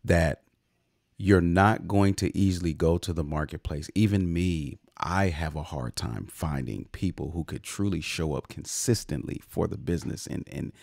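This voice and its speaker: A man's voice: low-pitched, moderate pace, vocal fry, darkish tone, dry recording, clean studio sound. A man hosting a podcast interview, talking in an effusive, casual way with many repeated words and restarts. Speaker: podcast host.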